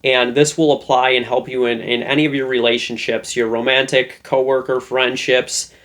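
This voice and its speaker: A man's voice: medium pitch, little pitch movement, moderate pace, fairly bright tone. A man hosting a relationship advice lesson, talking loosely and conversationally. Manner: loose, conversational, with fillers and restarts. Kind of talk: casual talking-head lesson.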